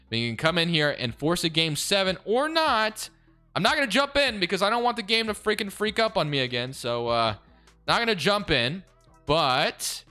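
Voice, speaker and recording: A man's voice: fairly high pitch, pushed and bright. A young man hosting his gaming channel, giving casual, sarcastic commentary over gameplay from a desk mic at home. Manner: casual, exasperated, sarcastic about the game. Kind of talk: video game commentary.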